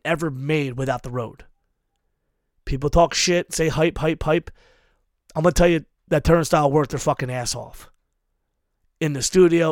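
Fortyish guy ranting about touring, swears nonstop, higher voice, dry close sound. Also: dry recording. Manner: emphatic, heavy swearing, drives points hard. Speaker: hardcore show booker. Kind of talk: profane advice rant.

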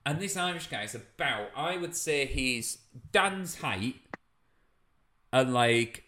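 A man's voice: mid-range voice, lively intonation, slow, background noise. A young British man, a comedian, telling a funny anecdote in casual chat, laughing as he goes. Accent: British English. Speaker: comedian guest.

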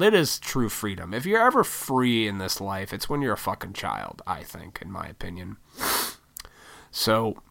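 A man's voice: on the low side, creaky, a bit bright. A young adult man ranting bluntly in casual talk, swearing often. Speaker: solo talker. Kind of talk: casual rant.

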